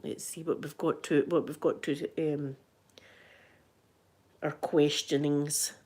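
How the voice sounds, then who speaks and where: A woman's voice: low voice, takes it slowly, breathy edge. Scottish woman telling casual stories. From Scotland. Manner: animated, acts out the quoted people. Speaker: ASMR livestream host. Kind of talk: casual storytelling chat.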